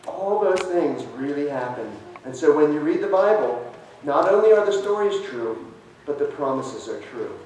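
A man, a pastor, giving a children's message in church, talking in a lively way and asking the children questions. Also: a little high, a little hiss or hum. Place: church sanctuary. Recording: very echoey church from far off.

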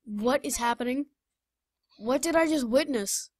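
A young woman chatting casually while playing a game, excitable, blurting out reactions and laughing. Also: high voice, a little slow, dry recording, studio quality. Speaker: gamer. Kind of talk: casual gaming chat.

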